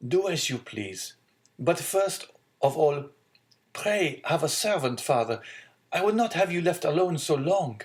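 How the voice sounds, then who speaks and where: A man's voice: a little high, very animated, unhurried, pitched above the performer's own voice. A man voicing an earnest young sailor of twenty, devoted to his father, reading from a storybook. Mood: joyful. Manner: earnest, pleading.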